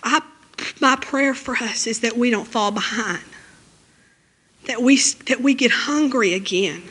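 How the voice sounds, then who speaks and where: A woman's voice: on the high side, unhurried, fairly bright tone, breathy edge. A woman preaching a sermon in church, emotional and fervent, with frequent amens and hallelujahs.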